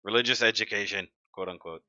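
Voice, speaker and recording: Chatty male streamer, lowish pitch, dull dry desk-mic sound. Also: quick pace, sharp tone, no room sound. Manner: chatty, reads comments aloud, joking. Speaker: livestream host. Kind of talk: casual live-stream chat.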